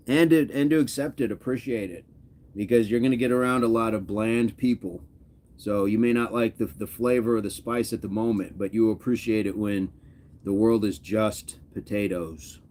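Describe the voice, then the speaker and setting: Easygoing low-voiced man chatting on stream. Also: steady tone, normal speed, a little mellow, a little hiss or hum. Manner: jokey and easygoing, chuckling between remarks. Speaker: livestream host. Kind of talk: casual livestream chat, reading viewer comments.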